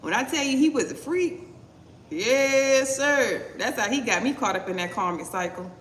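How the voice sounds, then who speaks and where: A woman's voice: fairly high pitch, expressive, moderate pace, a little hiss or hum. A woman giving a casual live tarot reading, talking bluntly with some swearing and tagging her points with "okay?". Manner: blunt, profane, punctuates with "okay?". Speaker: tarot reader. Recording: roomy echo, voice distant from mic.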